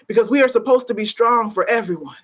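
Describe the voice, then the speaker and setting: A woman poet at an open mic, chatting briefly and then reading her spoken-word poems in a measured, weighty delivery with pointed repetition. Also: on the high side. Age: adult working as a teacher.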